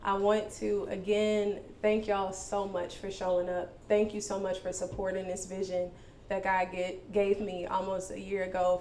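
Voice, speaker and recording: A woman hosting a live spoken word event, talking casually and warmly to the crowd as y'all. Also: medium pitch. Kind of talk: live stage address to an audience. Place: indoor event venue. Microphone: handheld microphone. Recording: live event with clear background noise.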